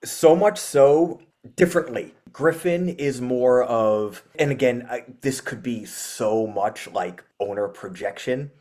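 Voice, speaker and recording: Rambling, animated man in a casual chat. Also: medium pitch, takes it slowly. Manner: rambling, lots of fillers, animated retelling. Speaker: guest musician.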